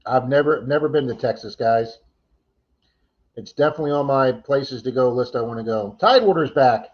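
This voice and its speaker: A man's voice: medium pitch, moderate pace, dull audio. A man hosting a casual livestream chat, thanking viewers by name and reading their comments. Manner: chatty, thanks viewers by name, laughs easily. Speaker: livestream host.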